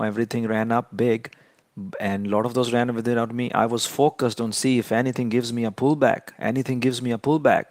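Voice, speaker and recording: A man teaching a trading lesson in a mid-pitched voice. He lectures emphatically and hammers his points home by repeating them. The sound is dry and close, with no room echo. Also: darkish tone. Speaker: trading educator.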